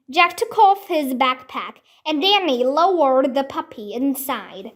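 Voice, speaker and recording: Slow, high-voiced woman reading a storybook. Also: lively intonation. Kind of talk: children's book read aloud.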